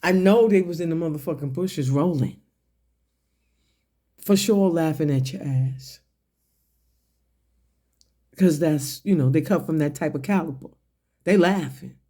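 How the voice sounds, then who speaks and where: A mellow, fairly high male voice drives this confrontational commentary aimed at an audience. He swears, ridicules someone, and works through his points slowly, each one framed as a pointed question.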